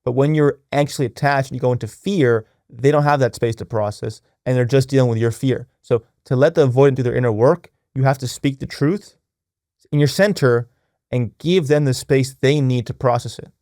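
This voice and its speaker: A man's voice: fairly quick, a little mellow, no echo, studio quality. A young adult man hosting a podcast, earnest talk on relationships and spirituality with many restarts and "right?" tags. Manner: acts out quoted voices in a raised pitch. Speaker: podcast host.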